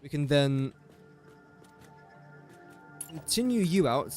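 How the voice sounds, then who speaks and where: A man's voice: a little high, big pitch swings, slow pace, darkish tone, soft background music. A young English man streaming a building game, thinking aloud through factory maths and tossing jokey asides to his chat. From England. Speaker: gaming streamer. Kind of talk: casual live-stream commentary.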